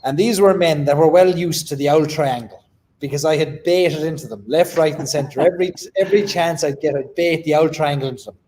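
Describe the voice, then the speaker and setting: Mellow-voiced man, host. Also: a little high, brisk, a little hiss or hum. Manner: chatty, teasing storyteller. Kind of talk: casual chat.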